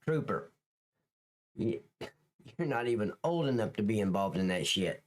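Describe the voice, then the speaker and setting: A man's voice: fairly low pitch, animated, moderate pace. A middle-aged man hosting a live stream, chatting casually with viewers in a joking, crude, rambling way. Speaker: livestream host.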